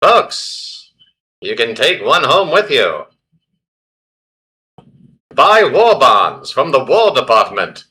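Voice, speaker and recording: A man putting on the voice of a 1940s wartime newsreel announcer, with hammy, booming salesman patter. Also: sing-song, slow pace, pauses often, bright, forceful tone, exaggerated voice. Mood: boisterous.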